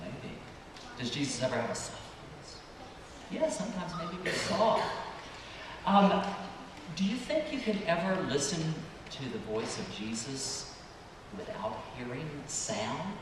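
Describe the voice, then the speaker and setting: Priest questioning children in an echoing church. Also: male voice, mid-range voice, big pitch swings, a little slow. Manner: asks children questions and waits for their answers; gentle and questioning. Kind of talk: children's sermon. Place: church sanctuary. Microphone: distant room mic. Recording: echoey church hall, distant mic, background noise.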